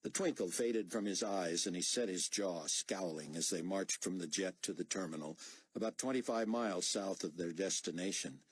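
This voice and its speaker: A man narrating an audiobook thriller in a low, even storytelling manner. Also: normal speed, slight background noise.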